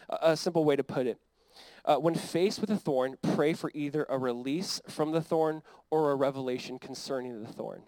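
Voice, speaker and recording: An American man preaching with a fairly high voice, recorded close and dry with almost no room sound. His delivery is conversational and earnest, and he voices the scripture quotes as if the speakers were talking. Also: dry recording, low-quality recording. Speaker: pastor. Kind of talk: sermon.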